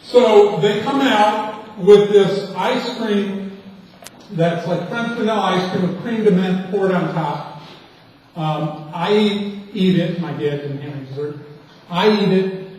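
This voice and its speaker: A college marketing lecturer from St. Louis, United States, tells a rambling, conversational anecdote in class, restarting words as he goes. His voice sits high, slow and a little mellow, picked up by a distant room mic in a large lecture hall with slight background noise.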